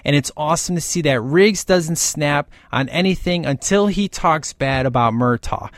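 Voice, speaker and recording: A man talking casually and with excitement through a movie's scenes, gushing as he goes and often tagging "man" onto his lines. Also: fairly high pitch, moderate pace, no room sound, clean studio sound. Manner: gushing and animated, keeps saying "man". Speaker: film commentator.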